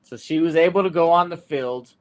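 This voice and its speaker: Animated storytelling man, podcast host. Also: on the high side, fairly quick. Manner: animated storyteller, trails off with fillers. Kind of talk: casual sports podcast chat.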